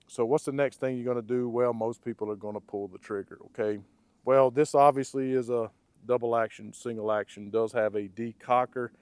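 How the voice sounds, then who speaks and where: A man with a raspy, hoarse voice from blocked sinuses gives a casual hands-on product review. He talks conversationally and ends his points with "okay?" and "right?". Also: mid-range voice, a little mellow, dry recording. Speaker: firearms reviewer.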